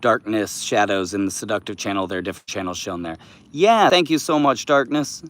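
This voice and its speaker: A man's voice: fairly low pitch, animated, a little fast, a bit bright. A man hosting a casual livestream, cooing to his pet duck in baby talk and thanking viewers for their comments. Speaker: livestream host.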